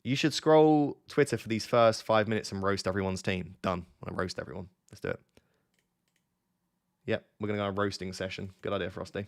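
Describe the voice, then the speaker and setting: A young man hosting a casual late-night live stream from his bed at home, chatty and teasing as he talks to his chat. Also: fairly low pitch. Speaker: fantasy football streamer, host.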